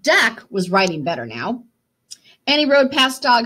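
Bright, animated woman teacher reading aloud. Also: medium pitch, normal speed, husky. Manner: chatty, encouraging, asks listeners questions. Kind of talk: reading a picture book aloud to children.

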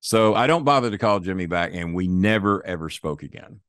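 A man's voice: sits low, animated, brisk, fairly bright tone, dry recording, clean studio sound. Blunt, profane older man telling stories. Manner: blunt, profane, plain-spoken. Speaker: guest. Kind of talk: casual storytelling.

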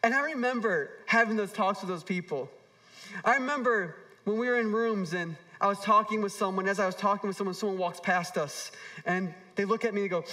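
A man in his thirties preaching a sermon to a church audience. He tells stories and acts out quoted voices, moving between hushed asides and emphatic appeals. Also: sits high, brisk, far from the mic. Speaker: pastor.

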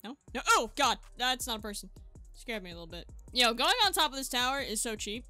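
A woman's voice: a little high, fairly quick, dry recording. A woman hosting her gaming channel, giving chatty gameplay commentary and yelping and exclaiming at the action. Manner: excitable, yelps and exclaims mid-game, chatty to viewers. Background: faint background music.

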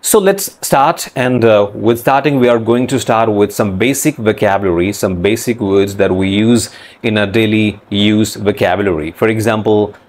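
A man hosting an English pronunciation lesson, explaining sounds slowly and repeating phrases to demonstrate them. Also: on the low side, a little hiss or hum.

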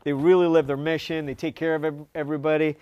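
Brief: male co-host, playful banter, slightly high voice, dry close sound. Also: little pitch movement, quick pace, a little mellow, clear, resonant tone, no echo, muffled recording. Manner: jokey, upbeat, frequent laughs. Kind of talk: casual chat.

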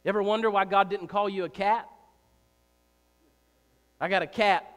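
A man preaching a sermon in a church, emphatic and repetitive, swinging between loud and soft, with joking asides. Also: high-pitched, steady tone, normal speed. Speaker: pastor. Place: church sanctuary. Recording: reverberant church hall.

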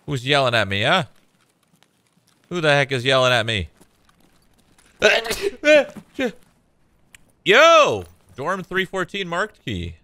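A man's voice: fairly high pitch, sing-song, takes it slowly, long pauses, pushed and bright, no room sound. A man streaming a shooter game, chatting casually to viewers with a laid-back, joking manner and frequent swearing. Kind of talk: casual gameplay commentary.

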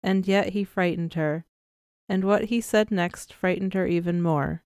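Smooth low-voiced woman narrating. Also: fairly even intonation, unhurried, darkish tone, no echo, clean studio sound. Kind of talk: scripted audiobook narration.

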